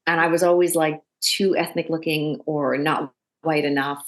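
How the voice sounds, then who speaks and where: A woman from Canada, an actor and director, chatting in an interview and telling animated stories with quoted voices. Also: low-pitched, normal speed. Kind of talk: casual interview.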